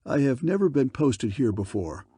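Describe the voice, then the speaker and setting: Man reading a calm, resolute American warrior. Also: medium pitch, moderate pace, breathy edge, no room sound. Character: bold young male American warrior, calm.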